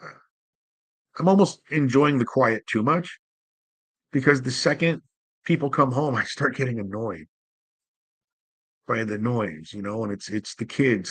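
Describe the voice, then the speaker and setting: A man's voice: medium pitch, normal speed, pauses often, fairly bright tone, no room sound, rough recording. Rambling, candid man hosting a solo show. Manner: rambling, candid and self-deprecating, full of "you know"; swears casually. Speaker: host. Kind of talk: casual solo livestream monologue.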